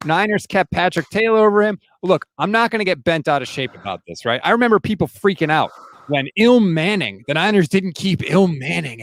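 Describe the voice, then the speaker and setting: A man's voice: high-pitched, lively intonation, a little fast, a bit bright, dry recording. A man co-hosting a casual sports talk show, wry in tone, reading news and comments. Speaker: podcast co-host.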